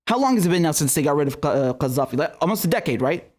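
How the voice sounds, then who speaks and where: A man's voice: on the high side, lively intonation, rapid-fire. A young man hosting a political livestream, ranting angrily with heavy swearing and stammered restarts, and reading viewer messages aloud. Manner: furious, profane ranting with frequent stammered restarts; reads viewer super chats aloud. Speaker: political commentary show host. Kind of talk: angry livestream commentary.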